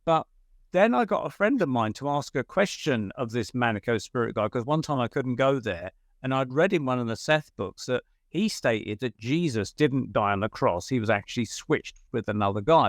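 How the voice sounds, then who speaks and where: A man tells a story as a guest, chatty and animated, with an average pitch. He trips over a few words and sprinkles in fillers. The sound is dry and close. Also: moderate pace, no room sound. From United Kingdom. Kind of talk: casual storytelling in an interview.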